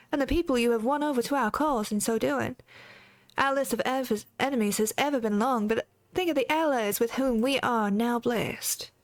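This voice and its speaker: A woman's voice: high voice, no echo, natural voice. A woman voicing a grave, stately woman leader in a put-on Southern drawl, reading game dialogue aloud. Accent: put-on American Southern. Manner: earnest, stately speech.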